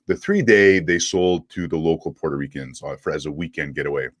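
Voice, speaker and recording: A middle-aged man with a French Canadian accent, a guest telling a story in an animated way. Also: extremely low pitch, fairly quick, dry recording. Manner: animated storyteller who acts out quoted dialogue. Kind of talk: casual storytelling in an interview.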